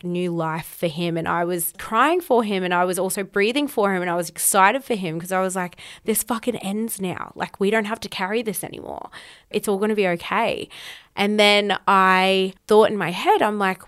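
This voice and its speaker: Smooth-voiced woman telling a personal story. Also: lowish voice, a bit bright. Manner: emphatic and candid, swears freely. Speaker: podcast host.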